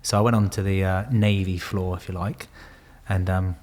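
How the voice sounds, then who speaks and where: Bloke, low-ish voice, swears a lot telling old stories. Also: male voice, level tone, normal speed, darkish tone. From Bristol, England. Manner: swears freely, laughs through stories. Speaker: podcast guest, former Royal Marine. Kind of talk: casual storytelling.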